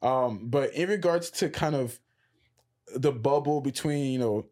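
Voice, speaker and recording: A man hosting a casual podcast chat, from Nigeria, talking in an animated storytelling way. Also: mid-range voice, a little slow. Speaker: podcast host.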